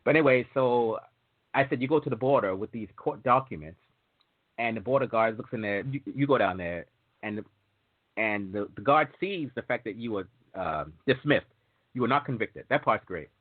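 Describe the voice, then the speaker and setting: A man's voice: mid-range voice, animated, moderate pace. A man hosting a casual talk show about entry waivers, chatty and digressive, acting out quoted exchanges as he explains. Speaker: waiver consultant host. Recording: tinny phone-like audio.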